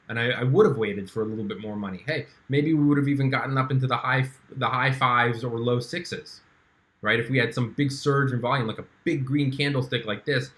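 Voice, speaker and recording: Young man, casual trading vlog, chatty, relaxed, medium pitch, fillers and restarts. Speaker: stock trading YouTuber. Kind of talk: casual screen-share walkthrough.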